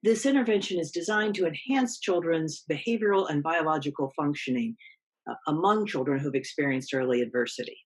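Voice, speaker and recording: A woman presenting an academic lecture, measured and explanatory, with frequent ums and small restarts. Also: low voice, breathy edge. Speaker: guest lecturer.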